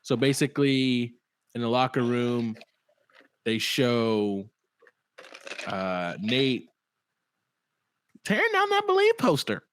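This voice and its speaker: A man's voice: mid-range voice, very animated, slow, pauses often, fairly bright tone. A man co-hosting a podcast, chatting casually and rambling through a show recap while laughing often. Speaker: podcast co-host. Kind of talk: casual chat.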